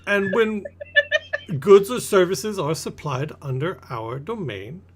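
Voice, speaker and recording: A man's voice: high-pitched, big pitch swings, slow pace, noisy background, pitched above the performer's own voice, full character voice. A man voicing a haughty male merchant prince in a tabletop game, smug and pompous.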